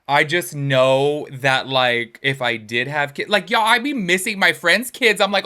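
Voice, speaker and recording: Chatty, gossipy young man, bright voice. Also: a little high, fairly quick, few pauses. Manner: gossipy, animated, lots of filler words. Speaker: commentary channel host. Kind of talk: casual drama commentary.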